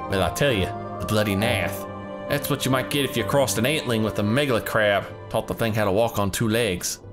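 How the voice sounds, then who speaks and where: A man's voice: mid-range voice, close to an everyday voice. A man voicing a hearty, gregarious older male hunter leader with a Southern US drawl. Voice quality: folksy drawl. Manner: gregarious, loud. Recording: game music behind.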